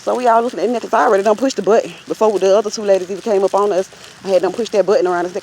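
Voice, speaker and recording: A woman's voice: medium pitch, fairly even intonation, racing, darkish tone. Woman, casual storyteller, talks straight to viewers, outdoors on a walk, faint traffic noise behind. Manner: chatty, addresses viewers directly. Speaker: vlogger. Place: outdoors while out walking.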